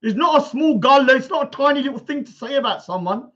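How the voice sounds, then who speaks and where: A man hosting a livestream, ranting loudly and confrontationally at his critics, repeating himself and reading out viewer comments. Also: very high-pitched, animated, quick pace, highs cut off. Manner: loud, confrontational, repetitive. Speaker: livestream host. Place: indoors at a bungalow.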